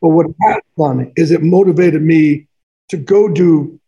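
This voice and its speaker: A man's voice: a little high, a little slow, dark tone, highs cut off. A man, an author and athletic trainer, telling personal stories in an interview in an earnest, rambling, casual way. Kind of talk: candid personal storytelling in conversation.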